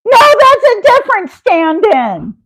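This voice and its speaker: A woman's voice: extremely high pitch, huge pitch swings, a little slow, a bit bright, no room sound, poor audio. A woman hosting a live stream, rambling through comic bits, giggling and calling out viewers by name. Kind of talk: rambling comedic live chat.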